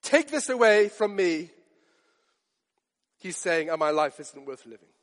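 A man's voice: high voice, sing-song, a little slow, a bit bright. A man preaching a sermon, earnest and building to emphatic rhetorical questions. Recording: long hall reverb.

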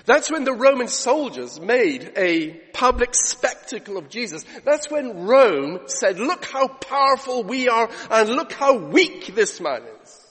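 A male pastor with a high, slightly husky voice delivers a sermon. He retells scripture stories in a chatty way and builds to emphatic, driving preaching. The sound carries a long reverb from a church hall. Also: fairly bright tone. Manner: storytelling, rising to emphatic preaching.

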